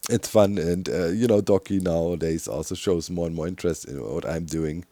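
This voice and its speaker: A man's voice: low-pitched, moderate pace, mellow, no echo. A middle-aged man with a German accent, tired, giving rambling gaming commentary with frequent chuckles and many fillers. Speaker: gaming YouTuber.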